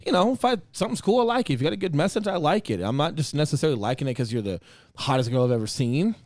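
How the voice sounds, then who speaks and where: A male podcast host telling a story in casual chat, animated, laughing often and swearing casually. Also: on the high side, very fast, no echo.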